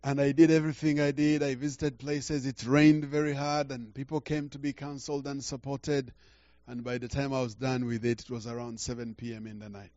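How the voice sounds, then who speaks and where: An older man preaching a sermon through a story, halting and repeating words, swinging from quiet to loud. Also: mid-range voice, level tone, dry recording, lo-fi sound. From Uganda.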